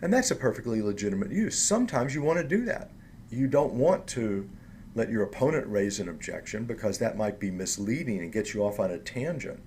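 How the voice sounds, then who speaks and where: A man giving a recorded lecture, explaining slowly and stressing key words. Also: on the low side, sing-song, a little mellow, slight background noise.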